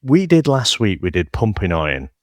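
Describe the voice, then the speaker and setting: A man's voice: lowish voice, very animated, normal speed, a little mellow, no echo, studio quality. A man co-hosting a casual film-review chat, talking animatedly and swearing now and then. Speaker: podcast co-host.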